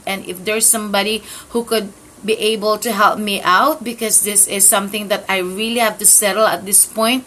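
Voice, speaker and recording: A woman's voice: mid-range voice, pushed and bright, rough recording. A woman hosting her own talk channel, chatting casually and gratefully, with many fillers and restarts. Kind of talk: casual chat to camera.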